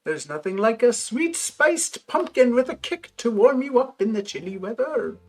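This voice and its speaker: A woman's voice: fairly high pitch, big pitch swings, moderate pace, voice pushed up. A woman voicing a cheery middle-aged male shopkeeper in a hammy mock French accent. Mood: jolly.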